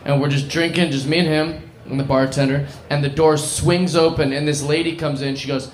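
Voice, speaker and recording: A man's voice: fairly high pitch, level tone, normal speed. A man telling a dive-bar story in casual chat, swearing and laughing at himself. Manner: swearing, self-mocking, laughing. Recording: roomy echo with crowd noise.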